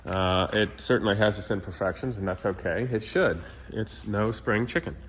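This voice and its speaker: A man's voice: lowish voice, normal speed, a bit bright, a little hiss or hum. A man hosting his own car channel, talking candidly and rambling to viewers while walking through his shop. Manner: candid, rambling, talks to viewers as "you guys". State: sick. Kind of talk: casual vlog walkthrough.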